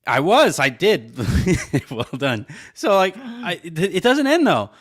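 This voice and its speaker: A man's voice: high voice, huge pitch swings, takes it slowly, fairly bright tone. A man co-hosting a podcast, telling a long story in a loose, rambling way full of "like" and frequent laughs. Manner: rambling, lots of "like", laughs often. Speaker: podcast co-host. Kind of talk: casual chat, storytelling.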